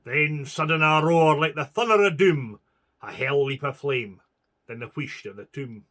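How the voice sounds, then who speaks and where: A man's voice: fairly high pitch, unhurried, sharp tone. A man reciting a narrative poem in a rhythmic, theatrical way. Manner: rhythmic, theatrical verse reading. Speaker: poetry reciter. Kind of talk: dramatic poetry recitation.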